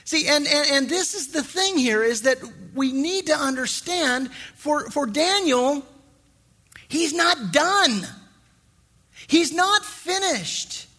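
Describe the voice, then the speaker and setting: A middle-aged man preaching a sermon as pastor, in a lively conversational way with frequent restarts. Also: very high-pitched, slow.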